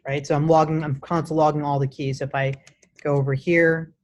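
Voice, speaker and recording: Brief: male coding instructor, relaxed classroom lecture, talks while typing. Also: fairly high pitch, a little fast. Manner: casual, many restarts, says "right?" often.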